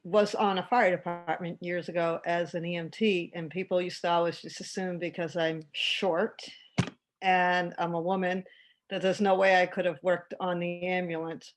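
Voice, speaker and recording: A woman participant on a video call, sharing a personal story haltingly. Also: fairly low pitch. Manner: halting, uses fillers. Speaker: participant, former EMT.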